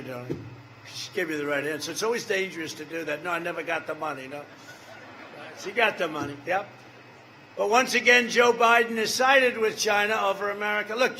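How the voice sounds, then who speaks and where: A man's voice: high-pitched, sharp tone, slight background noise, rough recording. Rambling older man at a rally. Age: 70s. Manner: rambling, repetitive, with off-the-cuff asides to the crowd. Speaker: politician at a campaign rally. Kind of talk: campaign rally speech. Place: large rally venue.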